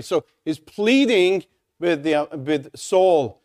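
A man's voice: on the high side, animated, slow pace, a little mellow. Urgent, pleading male preacher. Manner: urgent, pleading, rhetorical questions. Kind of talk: evangelistic sermon.

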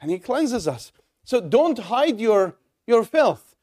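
A man's voice: very high-pitched, very animated, slow, darkish tone. A man preaching a sermon in an earnest, pleading way, often restarting and repeating words.

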